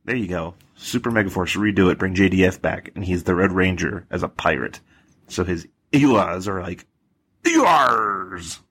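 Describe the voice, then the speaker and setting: A man's voice: low-pitched, normal speed, slightly rough. A man recording a jokey message for a podcast, laughing between lines. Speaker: podcast contributor.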